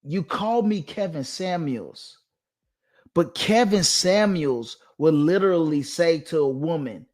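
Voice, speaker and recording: A man with a fairly high-pitched voice hosts his own channel, speaking directly to his audience. He lectures emphatically, hammering the same points again and again as he addresses his listeners head-on. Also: lively intonation, takes it slowly. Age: adult, father of two. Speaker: channel host giving dating commentary. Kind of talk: direct-to-camera monologue.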